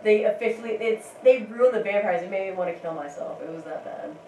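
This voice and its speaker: A woman's voice: mid-range voice, brisk, dark tone. A woman chats loosely over her gameplay in a giggly, rambling way, often restarting her sentences. Her voice sounds roomy and set back from the mic. A faint hiss runs underneath. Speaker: gameplay commentator. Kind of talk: casual let's-play commentary. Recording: roomy, distant mic, faint background noise.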